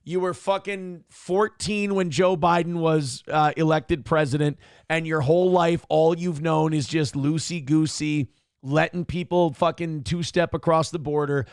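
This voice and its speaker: A man's voice: on the high side, steady tone, a little slow, smooth, dry recording, clean studio sound. A man hosting a morning show, mocking a clip in a sarcastic, profane rant. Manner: sarcastic, ranting, swears freely. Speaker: show host reacting to clips.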